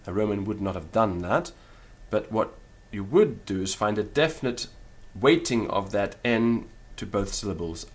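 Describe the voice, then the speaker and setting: A male Latin teacher lecturing at a very unhurried pace. His voice sits low, and he sounds out each syllable with deliberate care. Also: expressive. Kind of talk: spoken lecture.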